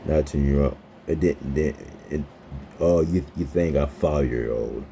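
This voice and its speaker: A man in his twenties chatting with an AI character, halting and stammering and repeating his words. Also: very deep voice, vocal fry, dark tone, a little hiss or hum. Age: 20s. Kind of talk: casual chat with an AI character.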